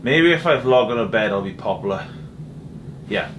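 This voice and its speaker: Excitable Welsh man vlogging. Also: on the low side, normal speed, over music. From Wales. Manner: excitable, swings from loud shouting to mumbled asides. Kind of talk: comedic vlog monologue. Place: hotel room.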